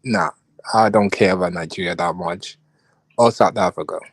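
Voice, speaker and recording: A man's voice: low-pitched, normal speed, husky, no echo. A man on a casual group call, speaking in an offhand, laid-back way. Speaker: guest.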